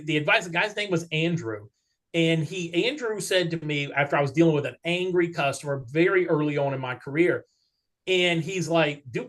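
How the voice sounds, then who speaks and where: A man telling workplace stories in a casual interview, acting out the dialogue as he goes. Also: a little high. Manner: animated storyteller who acts out quoted dialogue. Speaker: guest, regional vice president of an auto parts chain.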